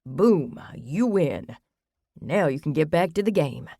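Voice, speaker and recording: A woman's voice: low-pitched, animated, slow pace, warm tone, dry recording, clean studio sound, exaggerated voice. A woman doing a man hamming up a Southern drawl. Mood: mocking. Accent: Southern US drawl, put on.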